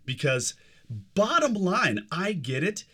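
A man's voice: high voice, very animated, slow pace, pushed and bright, slightly rough. A man hosting a casual podcast, enthusiastic and affirming, stretching out his phrases. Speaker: podcast host.

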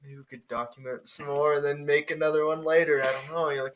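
Playful teen co-host, bright voice, teasing tone. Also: male voice, a little high, level tone, quick pace. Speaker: vlog co-host. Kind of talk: casual chat with impressions.

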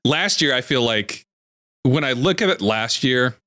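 A man's voice: medium pitch, expressive, sharp tone. Rambling, joking male podcast co-host. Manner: rambling, joking, quick to apologize. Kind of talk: casual gaming podcast chat.

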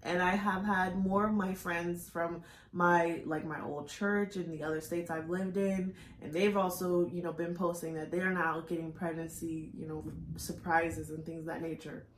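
A woman's voice: lowish voice, fairly even intonation, normal speed, roomy sound, slight background noise. A woman co-hosting a podcast, speaking candidly and tearfully, searching for words with frequent restarts. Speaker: podcast co-host. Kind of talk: candid emotional podcast talk.

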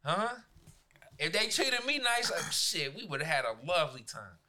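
A man, a teacher, telling a profane, animated story in a casual podcast chat. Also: on the high side, normal speed.

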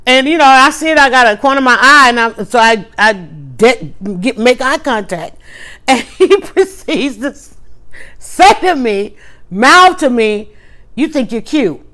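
A woman hosting a livestream, telling a story in a casual, animated way with quick restarts and emphatic asides. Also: sits high. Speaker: livestream host.

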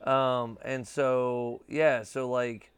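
A man's voice: mid-range voice, level tone, drawn-out words, clear, resonant tone. A man in his thirties hosting a podcast, rambling casually with lots of filler and swearing. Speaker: podcast host. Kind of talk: casual chat.

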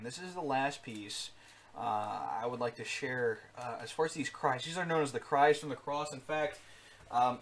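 A man's voice: mid-range voice, a little hiss or hum. A man preaching an earnest sermon with rising emphasis, frequent fillers and restarts. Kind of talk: sermon teaching.

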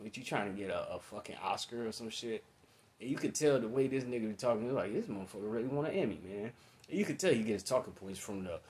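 A man's voice: fairly low pitch, a little mellow. A man, talking in a casual, profane monologue, blunt and opinionated and full of strong swearing. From United States. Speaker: commentator.

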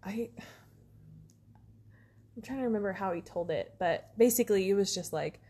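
Woman cohost rambling through stories, loads of "like" and "um", normal pitch. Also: moderate pace, warm tone, slightly rough. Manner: rambling storyteller, many fillers. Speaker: podcast co-host. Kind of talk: casual chat.

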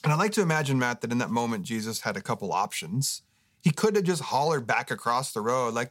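A man's voice: medium pitch, lively intonation, quick pace, fairly bright tone, no room sound, studio quality. A man as a guest pastor in a podcast interview, telling a story earnestly and with animation. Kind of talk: casual interview talk.

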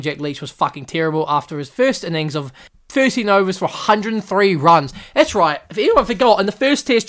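A man hosting a podcast, giving a casual and excitable cricket recap full of swearing and mock voices. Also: high voice. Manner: excitable and profane, acts out players in mock voices. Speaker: podcast host.

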